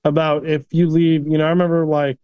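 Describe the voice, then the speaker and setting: A man, a chef and restaurant owner, telling stories casually in an animated way, often tagging "you know what I mean.". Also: fairly high pitch, brisk, smooth, dry recording, muffled recording. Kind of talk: casual storytelling.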